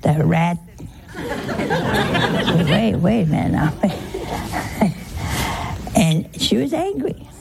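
A woman's voice: fairly low pitch, big pitch swings, normal speed, gravelly, noisy background. A woman giving an informal sermon, teasing her listeners with rhetorical questions and humorous anecdotes. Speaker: religious teacher.

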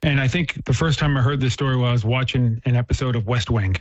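An earnest man talks in a relaxed, conversational way, restarting phrases as he goes and slipping into the quoted voices of his story. His voice sits at a middle pitch. The recording is dull and lo-fi, with a dry, close sound and no room echo. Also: fast. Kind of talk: casual conversational talk.

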